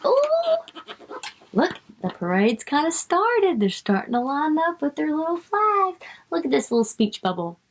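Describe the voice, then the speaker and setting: A woman's voice: high voice, huge pitch swings, unhurried, a little hiss or hum. A woman reading a picture book aloud to young children, stretching out the words she reads and coaxing the child with questions.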